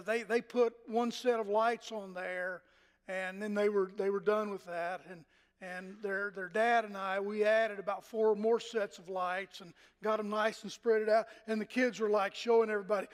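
An older man with a Southern accent preaches from the pulpit, his voice pitched high for a man. He talks in a warm, rambling way, circling back with fillers and restarts. A long reverb trails his words around the sanctuary. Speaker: pastor. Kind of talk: sermon.

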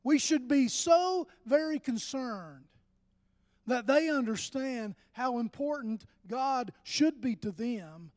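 An older man delivers a sermon in a notably high voice, speaking conversationally with frequent restarts before climbing into emphatic passages. His voice rings out with a long reverberant tail, as in a church hall. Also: lively intonation, takes it slowly, darkish tone. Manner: conversational, with many restarts and rising emphatic bursts. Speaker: pastor.

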